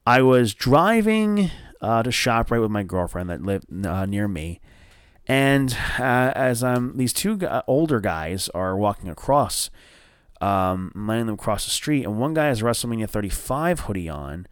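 Rambling, excitable wrestling podcast guy. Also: medium pitch, unhurried, clear, resonant tone, no room sound, studio quality. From northern New Jersey. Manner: rambling, excitable, many fillers and swears. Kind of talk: casual solo review show.

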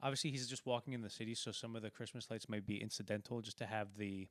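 A man's voice: fairly low pitch, flat delivery, fast talker, no echo, studio quality. A man casually talking through a film, rambling and acting out quoted lines as he retells scenes. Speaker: podcast co-host.

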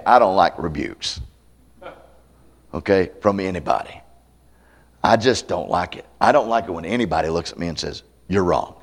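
A man's voice: sits low, vocal fry. A man pastor preaching a sermon at a camp meeting, conversational and candid, with self-deprecating humor. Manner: conversational, acts out quoted voices.

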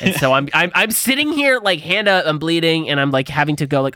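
A podcast co-host, a man, telling a story in relaxed chat. His voice is bright and rather high, and it swings up and down a lot as he acts out the people he met. The sound is close and dry. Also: a little fast, dry recording. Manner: animated, acts out quoted voices.

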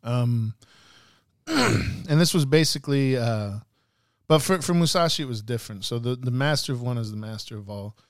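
A man's voice: medium pitch, normal speed, dry recording, clean studio sound. Rambling man talking through ideas. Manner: rambling, many fillers and restarts, casual profanity. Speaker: guest. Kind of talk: casual podcast talk and storytelling.

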